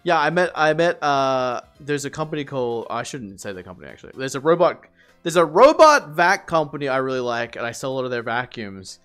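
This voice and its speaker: A man's voice: medium pitch, big pitch swings, a little fast, a bit bright, clear, resonant tone, faint music behind. A man chatting casually on a livestream, rambling, swearing and laughing often.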